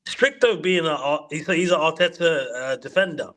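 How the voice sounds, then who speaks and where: A man's voice: a little high, fairly quick, a bit bright, poor audio. A man guesting on a casual football stream, laid-back and joking, often restarting his sentences. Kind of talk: casual chat.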